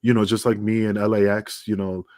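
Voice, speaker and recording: A middle-aged man spins his stories in a fairly low voice. He jumps into the quoted lines with real energy. The sound is close and dry over a remote call. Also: fairly quick, dry recording. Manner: animated, acts out dialogue with raised voice. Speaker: wrestling podcast guest. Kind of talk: casual storytelling interview. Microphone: remote video call.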